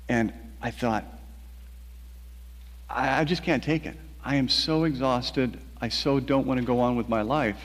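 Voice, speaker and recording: A man, a novelist, recounting a personal story in a measured, quiet way with halting restarts. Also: mid-range voice, big-room sound.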